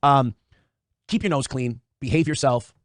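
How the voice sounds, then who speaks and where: A man's voice: mid-range voice, unhurried, no room sound, clean studio sound. A man in a casual livestream monologue, blunt and profane, often circling back to the same points. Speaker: streamer.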